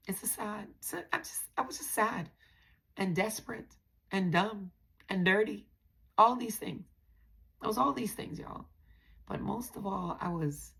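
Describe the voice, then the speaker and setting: Woman, frank confessional storyteller, gravelly voice, husky tone. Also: mid-range voice, fairly bright tone. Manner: candid, blunt, addresses listeners as y'all. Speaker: podcast host.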